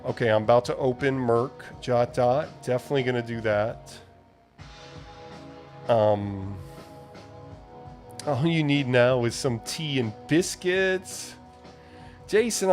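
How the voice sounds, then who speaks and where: Slow-talking livestream host. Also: male voice, mid-range voice. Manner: rambling, reads viewer chat aloud and answers it. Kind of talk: casual live chat while using a computer.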